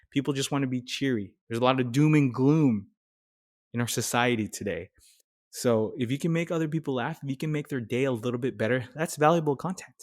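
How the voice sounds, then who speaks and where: A young man talks through practical steps for starting content creation, speaking with a direct, coaching energy. His voice sits at an ordinary middle pitch, and the delivery stays casual and conversational. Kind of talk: casual how-to talk.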